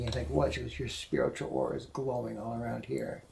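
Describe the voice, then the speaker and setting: A man with a gravelly voice tells an emotional story from his own life, stumbling and repeating words as it weighs on him. He sits indoors, speaking in an ordinary middle register. A faint hiss of noise sits behind him. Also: mid-range voice, fairly even intonation, darkish tone, low-quality recording. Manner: halting, restarts and repeats when upset. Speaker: guest telling a personal story. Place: indoors at a house museum.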